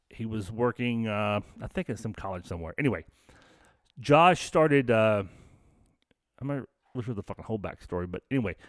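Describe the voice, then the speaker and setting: A man's voice: fairly low pitch, dry recording. Profane rambling middle-aged man, dry and close. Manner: profane, rambling, many fillers and restarts. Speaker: live stream host. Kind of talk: casual storytelling.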